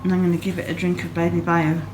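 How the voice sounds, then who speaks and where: A woman's voice: on the low side, monotone, fast, darkish tone, soft background music. A woman in her thirties chatting casually at home in a vlog, gushing over small pretty things and sounding sleepy. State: sleepy, yawning. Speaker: yarn dyer and vlogger. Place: home, craft room.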